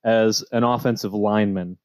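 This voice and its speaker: A man co-hosting a podcast in casual chat, animated and joking, often quoting himself. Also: fairly low pitch, moderate pace, dry recording. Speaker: podcast co-host.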